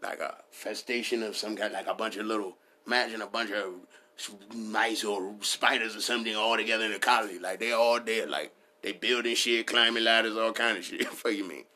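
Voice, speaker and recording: A man's voice: on the low side, steady tone, fairly quick, bright, forceful tone. A man riffing in a casual comedic style, rambling and profane, laughing at his own jokes.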